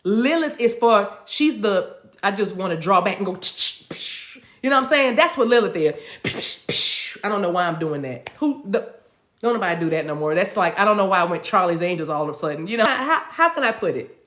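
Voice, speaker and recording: A woman who is a spiritual teacher and coach, speaking in a casual, animated, conversational way and laughing often. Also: medium pitch, quick pace, roomy sound.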